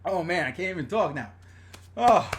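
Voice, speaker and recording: A middle-aged man from the New York and New Jersey area rants on a live stream from a room at home. His voice sits high for a man. He is blunt and chatty, swears freely and reads viewer comments aloud as he goes. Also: expressive, moderate pace, noisy background. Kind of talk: casual live-stream rant.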